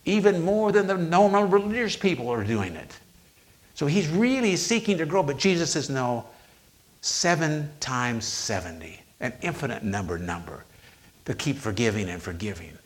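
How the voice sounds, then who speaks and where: A man preaching a sermon, retelling scripture with slow, emphatic pauses on quoted lines. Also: fairly high pitch, animated.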